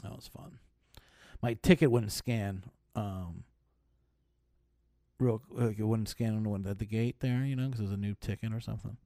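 A man's voice: on the low side, steady tone, moderate pace, dark tone, no echo, clean studio sound. A man hosting a podcast, riffing in a casual, profane, comedic storytelling style with frequent laughs. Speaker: podcast host. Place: touring, recorded while traveling.

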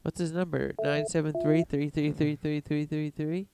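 A man's voice: on the high side, flat delivery, normal speed, vocal fry, background noise. A young man co-hosting a podcast, goofy and giggly in crude comedic banter. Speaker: podcast co-host.

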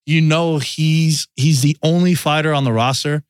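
A man's voice: fairly high pitch, steady tone, normal speed, dry recording, clean studio sound. A man hosting a podcast in casual sports chat, loose and storytelling. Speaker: podcast host.

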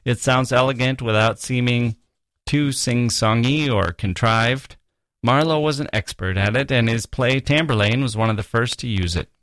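Musing man, low dry voice. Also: dry recording. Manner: musing, with soft laughs and quoted readings. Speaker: podcast host. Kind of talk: reflective literary commentary.

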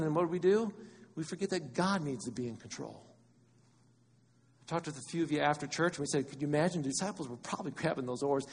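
A man preaching a sermon as pastor, animated and conversational, acting out quotes as he goes. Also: sits high, brisk, big-room sound, a little hiss or hum.

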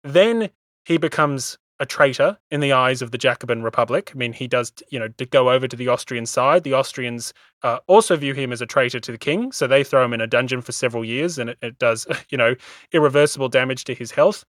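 A man hosting a history podcast, explaining things in a measured way with small stumbles. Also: medium pitch, fairly bright tone, no room sound. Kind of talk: casual history discussion.

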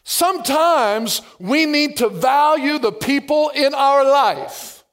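A male pastor preaching a sermon, stressing phrases by slowing down and adding playful asides. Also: very high-pitched, expressive, a bit bright.

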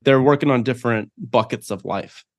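Man, podcast guest, casual, rambling, filler-heavy, middle pitch, dry close sound. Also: moderate pace, no room sound. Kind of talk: podcast interview.

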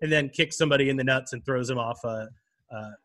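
A man's voice: medium pitch, fast, fairly bright tone. A man co-hosting a casual comedic news podcast, with a dry, wry, easygoing delivery. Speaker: podcast co-host.

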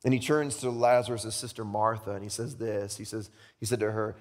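A man's voice: on the low side, fairly even intonation, brisk, few pauses, in a large hall. A pastor in his thirties preaching a sermon in a conversational way, repeating words and asking rhetorical questions.

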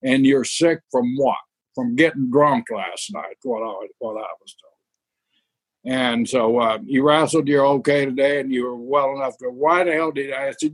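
A man's voice: on the high side, measured pace, no echo. A man telling a rambling, profane anecdote from his days as a wrestling tour manager. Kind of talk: anecdotal storytelling.

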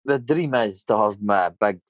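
A man's voice: fairly low pitch, lively intonation, a little slow, no room sound, rough recording. A Scottish man in his thirties, a painter and decorator, telling a rambling story in casual chat and filling it with "mate" and "you know". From Scotland.

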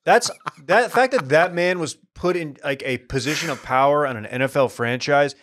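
A man's voice: a little high, normal speed, fairly bright tone. A man co-hosting a sports podcast, wry and exasperated. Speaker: podcast co-host. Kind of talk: casual sports podcast chat.

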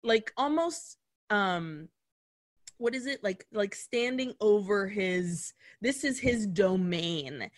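A woman's voice: medium pitch, slow. A woman co-hosting a podcast, recapping a film in casual chat, acting out lines and swearing freely. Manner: animated storytelling, acts out characters' lines; swears casually, laughs often. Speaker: podcast co-host.

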